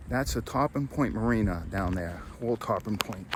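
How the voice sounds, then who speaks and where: A man's voice: fairly low pitch, expressive, moderate pace, background noise. A man vlogging a walk outdoors, chatty and enthusiastic as he narrates what he sees. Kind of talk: walking tour vlog. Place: outdoors on a nature trail and lookout tower.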